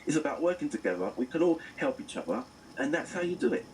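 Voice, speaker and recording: A middle-aged man as a radio guest, earnest and animated, telling stories as he reviews the news. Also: a little high, quick pace, far from the mic, a little hiss or hum, poor audio. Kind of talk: casual radio chat.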